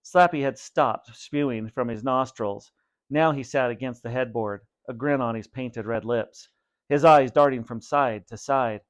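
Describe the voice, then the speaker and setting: A man's voice: medium pitch, unhurried. Man reading a spooky story aloud. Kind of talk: read-aloud storybook narration.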